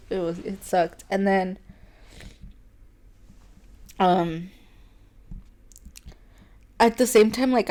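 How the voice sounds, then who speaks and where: A young woman, co-hosting a podcast and telling a personal story in a chatty way, full of "like" fillers and frequent laughs. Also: mid-range voice. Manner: chatty, heavy "like" fillers, laughs often between words; earnest and open, turning quiet on painful parts. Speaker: podcast co-host.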